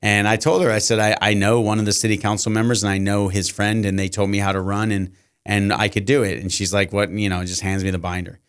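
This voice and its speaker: Middle-aged teacher guest, low smooth voice; chatty storyteller who plays out every exchange. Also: male voice, little pitch movement, quick pace. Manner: long anecdotes, acting out quoted dialogue. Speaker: guest, high school teacher. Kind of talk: casual podcast storytelling.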